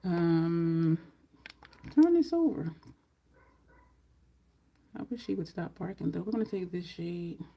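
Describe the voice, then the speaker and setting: A woman's voice: lowish voice, expressive, takes it slowly, gravelly, pauses often, dark tone. A woman chatting casually through a makeup tutorial at home, rambling into side stories as she goes. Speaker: makeup vlogger.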